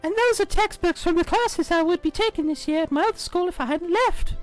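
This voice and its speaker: A man doing a squeaky excitable teen witch girl. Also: brisk, faint music behind. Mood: excited. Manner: high girlish falsetto. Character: chirpy teenage witch girl, excitable roommate. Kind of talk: reading a visual novel aloud with voices.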